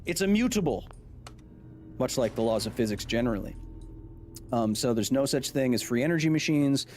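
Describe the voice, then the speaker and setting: A man's voice: medium pitch, expressive, normal speed, darkish tone, a little hiss or hum. A man in his thirties explaining science casually while streaming a video game, reading and answering viewer comments aloud. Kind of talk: live gaming stream commentary.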